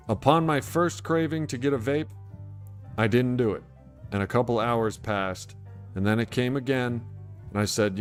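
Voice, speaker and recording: A man's voice: mid-range voice, moderate pace, faint music behind. A man hosting a casual livestream, chatting in a rambling, laid-back way and answering viewers' comments. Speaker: livestream host. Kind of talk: casual livestream chat about sobriety.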